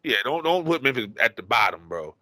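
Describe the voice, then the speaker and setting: A man's voice: mid-range voice, sing-song, fairly quick, sharp tone, no room sound, poor audio. A young man co-hosting a podcast, teasing and joking in a laid-back way. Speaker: podcast co-host. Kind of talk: casual hip-hop podcast banter.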